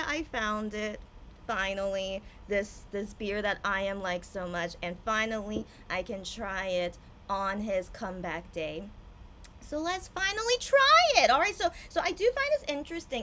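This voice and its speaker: A tipsy young woman chatting casually on a livestream from home, excitable and swinging from hushed asides to loud outbursts. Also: mid-range voice, slight background noise.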